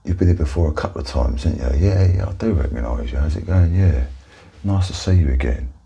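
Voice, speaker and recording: Soft-spoken Cockney man, gravelly and husky. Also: a bass voice, animated, brisk. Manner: soft-spoken, chatty, matey. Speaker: barber in ASMR roleplay. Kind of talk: whispered role-play.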